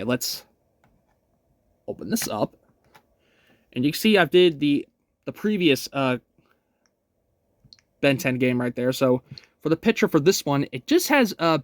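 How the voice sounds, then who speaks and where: Chatty young man with lively pitch. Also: unhurried, pauses often, no echo. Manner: chatty, upbeat, talks through each step. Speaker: gaming channel host. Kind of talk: casual game walkthrough.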